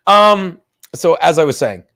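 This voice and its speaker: A man's voice: fairly high pitch, sing-song, a little slow, vocal fry, a bit bright. A tired man hosting a casual live stream from home, rambling and swearing, with joking asides to the chat. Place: home room.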